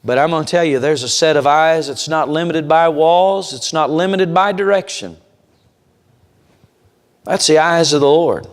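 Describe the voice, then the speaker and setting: A man preaching at a revival, telling stories with punch and speaking straight to the pews. His voice sits fairly high for a man. Long reverb from the church sanctuary trails every phrase. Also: normal speed, long pauses. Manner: emphatic, storytelling, direct address to congregation. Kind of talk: sermon.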